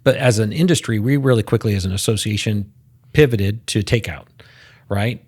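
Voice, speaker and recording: An American man appears as a guest on a casual podcast interview, speaking emphatically, stacking up statistics, and repeating words as he starts sentences. His voice is lowish and darkish with a breathy edge, at a normal pace.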